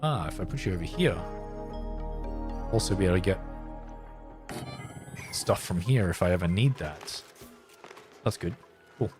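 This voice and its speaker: A man with a low-pitched voice streams a game live, musing aloud over each move and bantering with his chat. Faint music sits quietly beneath his voice. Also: lively intonation, a little slow, long pauses. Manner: thinks aloud while building, chats playfully with viewers. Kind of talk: casual live-stream commentary.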